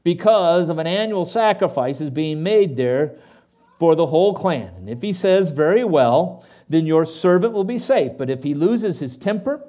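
Animated male pastor preaching. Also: on the high side, moderate pace. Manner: animated, asides to the congregation. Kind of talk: sermon with scripture reading.

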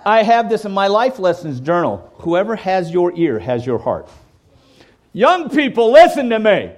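A man's voice: sits high, sing-song, measured pace. A man preaching a sermon in a conversational way, often checking in with "okay?" and acting out quoted voices. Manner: acts out quoted voices and jokes. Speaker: pastor.

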